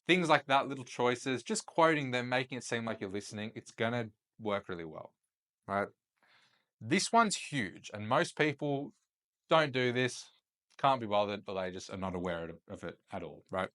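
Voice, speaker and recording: A young man explains his tips in a loose, casual teaching style, often tacking "right?" onto his points. His voice sits at an ordinary middle pitch. He sounds like a host talking straight to his viewers. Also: expressive, normal speed, fairly bright tone. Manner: loose and chatty, checks in with "right?" after points. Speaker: host and chat-sales coach. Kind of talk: casual instructional talk to camera.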